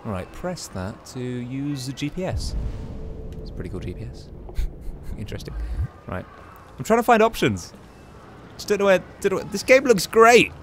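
A man talking his way through a video game with chatty, musing commentary. His pitch rises and falls a great deal, and he keeps breaking into exclamations. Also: sing-song, normal speed, a little hiss or hum. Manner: chatty, exclaims and muses aloud while playing. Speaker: gaming YouTuber. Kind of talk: casual gameplay commentary.

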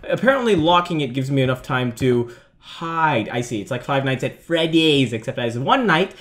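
A young man with a high, bright voice talks his way through a horror game, swinging wildly in pitch as he jumps, swears and yelps. A faint hiss of noise sits under the recording. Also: expressive, normal speed. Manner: jumpy, swearing, yelping and laughing at scares. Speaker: gaming video host. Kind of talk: horror game playthrough commentary.

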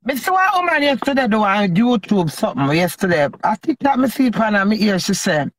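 A Jamaican woman chatting casually on a live stream, loud and animated, swearing a lot. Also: on the high side, a little fast, hardly any pauses, no room sound. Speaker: social media personality.

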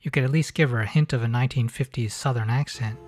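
Brief: male host, dry sarcastic movie roasting, mid pitch. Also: fast talker, darkish tone, faint music behind. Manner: sarcastic, mocking. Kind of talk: comedic movie commentary.

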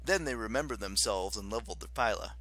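A man narrating an audiobook in an expressive, dramatic way. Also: lowish voice, fast talker.

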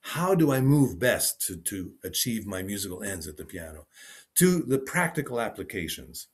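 A man's voice: fairly low pitch, big pitch swings, normal speed. A man teaching a piano lesson over a video call, thinking aloud and repeating short phrases as he demonstrates. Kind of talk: online teaching session.

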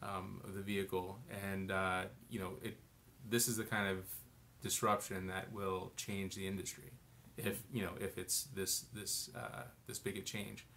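A man with a very deep, gravelly voice and a flat, even delivery. He co-hosts a casual live-stream chat and thinks aloud in a relaxed way. Faint noise sits behind him. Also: normal speed, few pauses. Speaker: co-host.

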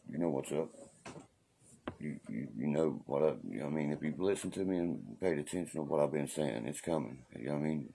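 Very deep gravelly man ranting on a livestream. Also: mellow, a little hiss or hum. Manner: profane, repeats "you know what I mean"; defiant and preachy. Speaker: livestream host. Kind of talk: casual livestream rant.

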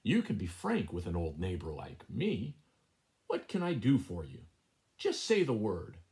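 A fawning cat from a bedtime storybook, all smooth courtesy that creeps upward in pitch, as a man does the voice. Gravelly at the bottom, it rises as he oversells his kindness. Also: wildly swooping pitch, measured pace, a little mellow, exaggerated voice. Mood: solicitous. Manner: smooth, ingratiating. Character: overly eager male cat neighbor.

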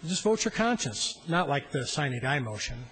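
A man's voice: mid-range voice, big pitch swings, moderate pace, a bit bright, slightly rough, rough recording. A middle-aged man, a state senator, giving a floor speech in a legislative chamber at a floor microphone, telling a rambling, self-deprecating story.

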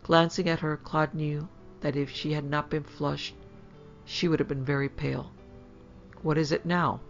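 Podcast lady reading a ghost story, creaky gravelly voice, sorta muffled lo-fi. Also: sits low, level tone, normal speed, faint music behind. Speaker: podcast narrator. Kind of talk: scripted storytelling narration. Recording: slightly dull lo-fi sound.

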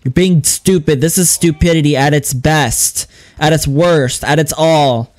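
A man giving comedic let's-play commentary, playful and over the top, yelling at game characters. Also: fairly high pitch, a little slow. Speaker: gaming YouTuber.

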